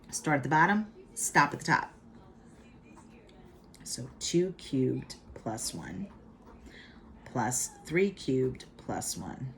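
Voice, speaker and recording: Low-voiced woman teaching math, slow and playful. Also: very animated, a bit bright, slight background noise. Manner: chatty and playful, with hype catchphrases. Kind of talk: casual video math lesson. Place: home.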